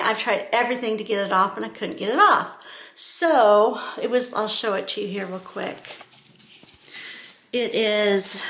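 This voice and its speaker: A woman's voice: medium pitch, gravelly, a bit bright. A middle-aged woman talking casually to her viewers from home, rambling with lots of "you know" and restarts. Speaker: vlogger. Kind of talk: casual talking-to-camera vlog. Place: at home, indoors.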